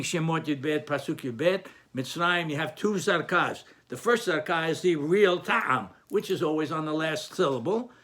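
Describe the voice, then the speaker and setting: A man's voice: a little high, a bit bright. A man teaching a spoken lesson on cantillation, patient and explanatory, often restarting his phrases.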